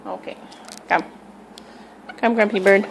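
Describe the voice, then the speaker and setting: A woman's voice: medium pitch, fairly even intonation, a little slow, creaky, slight background noise, poor audio. A woman at home talking to her pet parrots and narrating, often cooing in baby talk to them. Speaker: pet vlogger.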